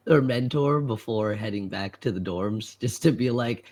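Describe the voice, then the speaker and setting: A man's voice: medium pitch, normal speed. A man playing a tabletop game, slipping into character with frequent laughter. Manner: laughs often, lively. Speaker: player.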